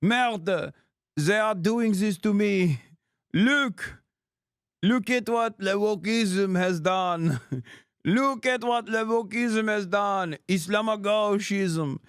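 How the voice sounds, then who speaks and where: A man putting on a sniveling French crybaby who wails in a thick, exaggerated mock French accent. The voice sits far above a normal speaking register, high, strained and melodramatic, and its tone is reedy and unlike the speaker's own. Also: slow pace, fairly bright tone, smooth, no room sound, clean studio sound, full character voice. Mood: whining. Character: whiny self-pitying French Zionist man.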